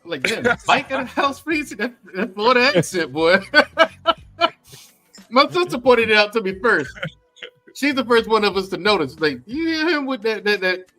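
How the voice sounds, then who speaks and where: A man on a podcast panel, telling animated stories and laughing as he talks. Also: high-pitched, unhurried, long pauses, soft background music. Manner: animated storyteller, laughs while talking. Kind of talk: casual panel chat.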